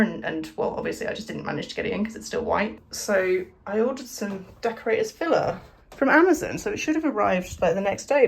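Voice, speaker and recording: A woman's voice: mid-range voice, vocal fry. A young woman vlogging at home, chatting casually in a rambling, self-deprecating way. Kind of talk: casual vlog chat. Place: home, indoors.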